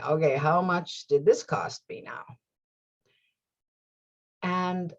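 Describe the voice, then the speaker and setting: A woman with a low, husky voice tells a personal story in a casual, animated way. She often laughs and restarts her phrases. The recording sounds slightly dull and lo-fi. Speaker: host.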